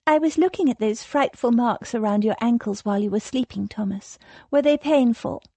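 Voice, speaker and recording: A woman's voice: a little high, normal speed, no room sound, voice pushed up. Woman voicing a spirited, curious young lady. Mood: pressing. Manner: bright, eager, pressing.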